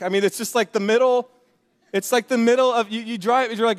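A man preaching a sermon in an energetic, conversational way, with joking asides to the congregation. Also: sits high, fairly quick. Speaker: pastor. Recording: long reverb of a large hall.

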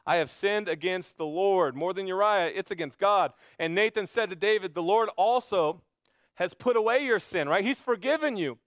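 A man preaching a sermon, retelling a story dramatically and swinging between loud emphasis and hushed intensity. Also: high voice, moderate pace, dry recording. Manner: storytelling preacher, acting out quoted voices. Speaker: pastor.

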